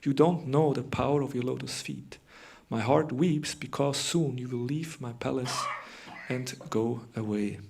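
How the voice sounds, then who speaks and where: A man's voice: mid-range voice, a little slow, vocal fry, darkish tone, slight background noise. A man voicing a devoted queen who speaks earnestly and tenderly to her husband, in a raised voice.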